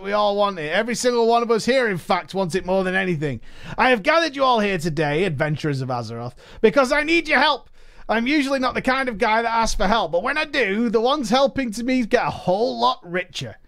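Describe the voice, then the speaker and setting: A man voicing a scheming, fast-talking male goblin boss with a smarmy, showy salesman patter. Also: high voice, lively intonation, gravelly, fairly bright tone, pitched above the performer's own voice, exaggerated voice. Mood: boastful.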